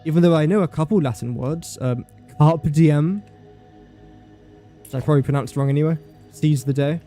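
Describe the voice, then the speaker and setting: A man's voice: fairly high pitch, fast, warm tone, faint music behind. Playful man streaming a game. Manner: playful, chatty, talks to game objects and mocks himself. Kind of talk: casual gameplay livestream chat.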